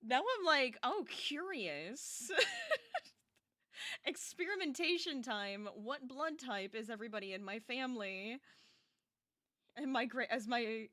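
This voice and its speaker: A woman's voice: fairly high pitch, lively intonation, normal speed, a bit bright. A young adult woman streaming as she crochets, chatting casually and animatedly with her viewers and laughing often.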